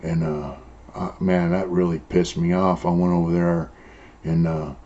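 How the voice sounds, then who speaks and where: An older man from San Diego in Southern California, interviewed as a former prisoner, tells casual prison stories with a deep, warm voice, flat delivery, and measured pace. He speaks bluntly and profanely, sprinkling in lots of "uh" and "you know." The recording has a dull, lo-fi sound.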